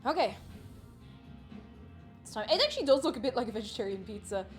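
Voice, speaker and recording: A cooking livestreamer chats casually from her home kitchen, giggling while she cooks and greeting viewers by name. Her voice is fairly high, very animated and brisk, with faint music playing behind her.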